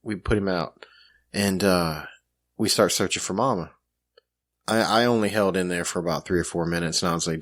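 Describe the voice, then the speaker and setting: A man co-hosting a casual podcast, his voice a touch low and swinging widely up and down as he tells a story against himself. He talks loosely, full of "you know what I mean" and restarts. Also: a little fast. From grew up in the country. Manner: animated, self-mocking, lots of fillers. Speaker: podcast co-host.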